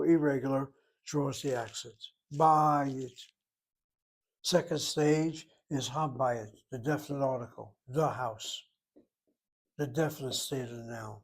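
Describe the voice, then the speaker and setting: A man's voice: medium pitch, a little mellow. Man, Hebrew teacher, methodical, explains step by step, informal lesson.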